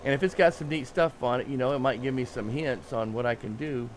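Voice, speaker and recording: A man's voice: medium pitch, brisk, a little hiss or hum. A man streaming a farming game, chatting casually and rambling with fillers and chuckles. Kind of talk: casual live-stream chat.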